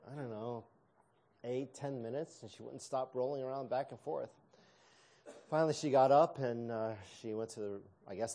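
A man's voice: mid-range voice, mellow. A middle-aged man telling a personal story in a sermon, conversational with self-deprecating humor and frequent restarts.

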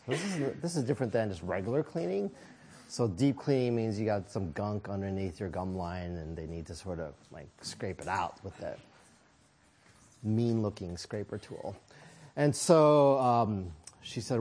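A man's voice: fairly low pitch, expressive, moderate pace, a little mellow, a little hiss or hum. A man preaching a sermon, telling a personal story with self-deprecating humor and frequent chuckles.

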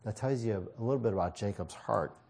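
A man's voice: lowish voice, fast, a little mellow, husky. A man preaching a sermon, reading scripture and explaining it in a conversational way with casual asides.

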